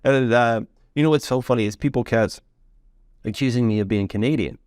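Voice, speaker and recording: A man's voice: medium pitch, brisk, darkish tone, no room sound, clean studio sound. An American man hosting a podcast, chatting enthusiastically with lots of fillers. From United States. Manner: enthusiastic, rambling, filler-heavy. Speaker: podcast host. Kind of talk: casual interview chat.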